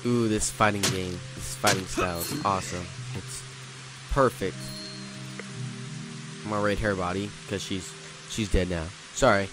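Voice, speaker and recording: A low-voiced man giving casual, profane let's play commentary. Game music plays clearly behind him. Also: fairly even intonation, moderate pace. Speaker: gamer.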